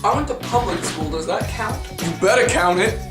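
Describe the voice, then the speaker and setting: A man's voice: sits high, expressive, moderate pace, distant mic. Young man, vlogger, dramatic self-mocking storytelling, swears a lot, music playing behind. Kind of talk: casual storytelling vlog. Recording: roomy, off-mic, music behind.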